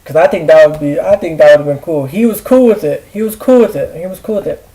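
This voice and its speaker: A man ranting to camera in a rambling, profane way, halting with fillers and restarts. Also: a little high, warm tone, rough recording. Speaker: vlogger. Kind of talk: rambling personal rant.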